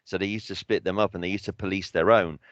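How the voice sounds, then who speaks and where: Lower-voiced man. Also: fairly even intonation, fast talker, dry recording, dull audio. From England. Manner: opinionated storytelling, swearing. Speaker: podcast co-host. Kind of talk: casual chat.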